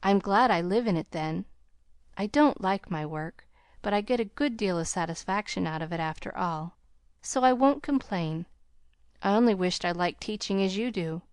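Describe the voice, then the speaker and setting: A woman's voice: medium pitch, expressive, normal speed, clear, resonant tone, no room sound, studio quality, natural voice. A woman voicing a bashful, sweet young governess in an audiobook, speaking timidly and earnestly.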